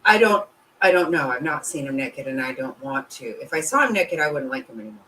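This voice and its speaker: A woman's voice: a little fast, a little hiss or hum, rough recording. A woman hosting a casual livestream, talking bluntly and swearing constantly, with her voice swinging up and down. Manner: blunt and heavily profane; animated, swinging pitch. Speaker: host.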